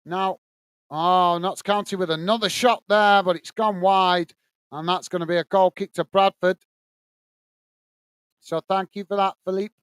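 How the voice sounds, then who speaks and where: High-voiced man doing fan commentary. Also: fairly even intonation, a little slow, pauses often, fairly bright tone, smooth, no echo. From England. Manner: casual, reads viewer messages between play-by-play. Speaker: watch-along host. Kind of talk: live fan commentary and chat reading.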